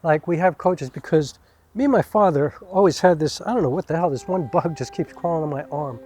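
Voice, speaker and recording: A man casually telling a rambling personal story outdoors, talking in an animated, conversational way with side remarks. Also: a little high, fairly quick. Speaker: vlogger. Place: outdoors under trees.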